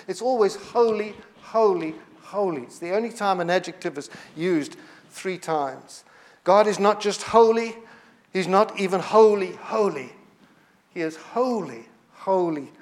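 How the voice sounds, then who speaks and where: High-voiced earnest male preacher. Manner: earnest, emphatic repetition with slowed quotations. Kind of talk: sermon.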